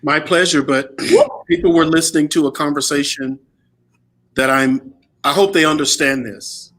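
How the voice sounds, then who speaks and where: An older man, a pastor, talking in a slow, emphatic preaching way. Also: a little high, big pitch swings, fairly bright tone. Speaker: pastor and guest speaker. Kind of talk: preaching conversation.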